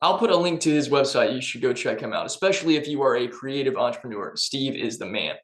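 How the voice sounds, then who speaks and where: A man's voice: mid-range voice, expressive, fast, roomy sound. A man giving an upbeat, emphatic motivational talk in a conversational way. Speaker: personal development vlogger.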